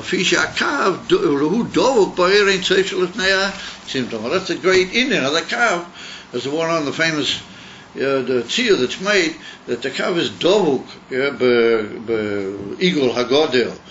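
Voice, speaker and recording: A man's voice: a little high, a bit bright, a little hiss or hum. A man, a rabbi, teaching a text-study class, explaining and thinking aloud with frequent restarts. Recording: dull lo-fi recording.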